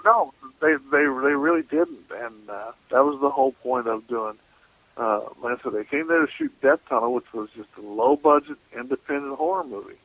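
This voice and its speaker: A man's voice: medium pitch, normal speed, no echo. Laid-back man telling stories. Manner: casual, laughing, folksy storyteller. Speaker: paranormal investigator guest. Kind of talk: radio interview storytelling. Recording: muffled radio call audio.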